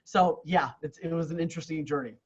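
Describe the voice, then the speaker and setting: A man's voice: on the high side, fast, breathy edge, lo-fi sound. A man who grew up in Canada, telling his story as a podcast guest in an earnest, candid way, often repeating words as he restarts. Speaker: real estate coach, podcast guest.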